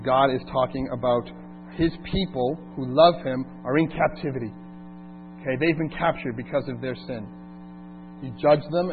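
A man preaching a sermon, climbing to emphatic, drawn-out peaks when he reads scripture. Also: a little high. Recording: tinny phone-like recording with mains hum.

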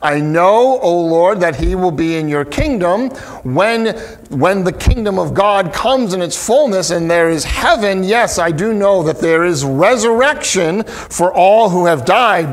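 A man preaching a sermon, reading scripture slowly and carefully, then stepping aside to explain it in a relaxed, conversational way. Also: high-pitched. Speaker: pastor.

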